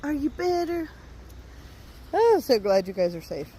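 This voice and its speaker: High, lively woman cooing at animals. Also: normal speed. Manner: cooing baby talk to animals. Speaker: vlogger. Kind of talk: casual chat with farm animals. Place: outdoors with animals.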